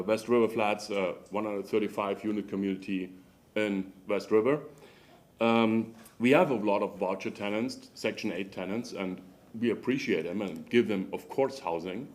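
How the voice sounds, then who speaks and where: A man from Germany with a German accent speaking as a landlord at a council meeting, halting and hesitant with many fillers and non-native phrasing, into a podium microphone. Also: on the low side. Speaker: landlord giving public comment. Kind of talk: unscripted public comment. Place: city council chamber.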